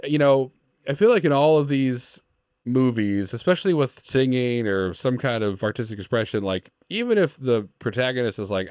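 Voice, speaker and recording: A man's voice: mid-range voice, expressive, normal speed, a little mellow, no room sound, studio quality. A man co-hosting a podcast, casually improvising a story and acting out its characters' lines, laughing often. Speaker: podcast co-host.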